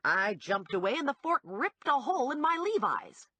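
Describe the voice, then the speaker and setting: Lively woman narrating an audiobook. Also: a little high, moderate pace, dry recording. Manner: lively, wide-ranging delivery with acted character voices. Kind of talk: scripted first-person audiobook narration.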